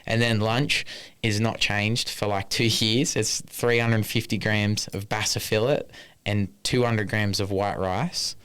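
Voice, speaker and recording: Man, podcast co-host, casual rambling chat, low pitch. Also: fairly even intonation, measured pace, a bit bright, clean tone. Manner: rambling, swears casually, lists numbers.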